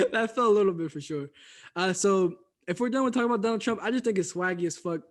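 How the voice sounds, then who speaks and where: A man's voice: high-pitched, fast talker. A man co-hosting a podcast, reviewing music in loose, laughing casual chat full of fillers. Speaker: podcast co-host.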